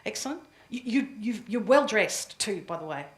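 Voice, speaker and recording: A woman coaching a room full of people in a live workshop, chatty and quick to laugh. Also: mid-range voice. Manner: lively, chatty, laughs easily. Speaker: presentation coach. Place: room with an audience. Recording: echoey room.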